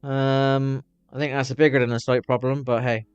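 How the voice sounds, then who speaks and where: A man's voice: medium pitch, level tone, moderate pace, clear, resonant tone, no echo, highs cut off. A man chatting loosely on a live stream while watching videos, swearing freely as he rambles.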